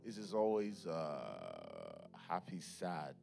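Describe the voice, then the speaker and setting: A pastor with a bass voice speaks slowly and creakily, his pitch swinging hugely, as music plays. He jokes with the congregation, with playful asides and laughter, then prays and delivers fervent prophetic declarations.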